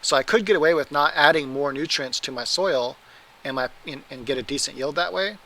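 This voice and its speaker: A man's voice: on the high side, a little fast, bright, forceful tone, poor audio. A man hosting a casual livestream, answering viewer questions in a rambling, self-correcting way. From Oregon, US. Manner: rambling, self-correcting, laughs at his own mistakes.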